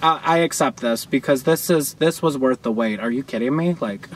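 A young man reacting to a music video from his car, gushing and sassy, with loud outbursts and laughter. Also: mid-range voice, moderate pace. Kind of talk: excited reaction commentary. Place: in a parked car outdoors.

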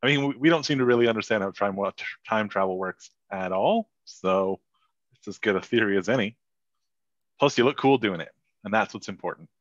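Man, joking player, low voice, dull lo-fi recording. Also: brisk, no room sound. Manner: joking, laid-back. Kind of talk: in-character tabletop play. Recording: dull lo-fi mic.

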